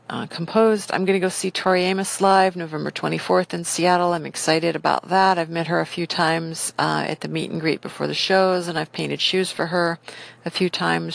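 A middle-aged woman with a low voice and a gravelly fry rambles enthusiastically in a casual monologue. She fills her talk with ums and uhs and drifts from one thought to the next. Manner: rambling, enthusiastic, many fillers.

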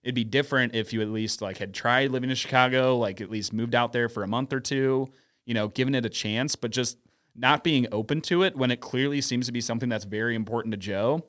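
A man's voice: mid-range voice, fairly quick, a bit bright. A man from St. Louis co-hosting a podcast, talking casually in long rambling turns full of restarts. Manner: rambling, lots of restarts and hedging fillers. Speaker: podcast co-host.

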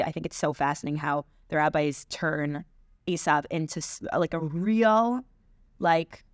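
A woman's voice: on the low side, no echo, clean studio sound. A woman co-hosting a podcast, joking playfully while discussing scripture, with frequent fillers. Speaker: podcast co-host. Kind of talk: casual chat about scripture.

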